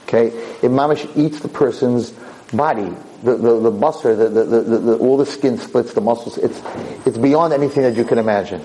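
Brief: male rabbi, mellow tone, lively storyteller, repeats for emphasis. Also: medium pitch, normal speed, rough recording. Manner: animated, repeats words for emphasis. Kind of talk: Torah lecture storytelling.

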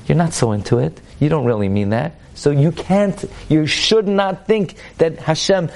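Male Torah teacher, lively lecture delivery. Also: a little high, moderate pace, hardly any pauses. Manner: animated lecturing, mixing English with Hebrew and Yiddish-accented quotes.

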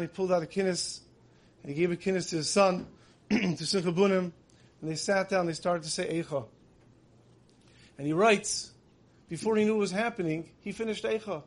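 A man giving a sermon, telling stories in an earnest way that builds emotion. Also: sits high. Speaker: religious teacher.

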